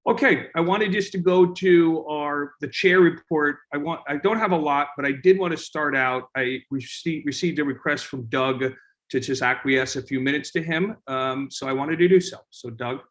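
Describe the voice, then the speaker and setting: A man chairing a community board meeting, talking informally with many halting restarts. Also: fairly high pitch, a bit bright.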